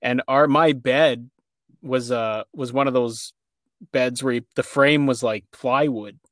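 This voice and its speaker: A man telling a childhood story in a casual chat, animated and laughing, with many fillers. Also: mid-range voice, measured pace, no echo, studio quality.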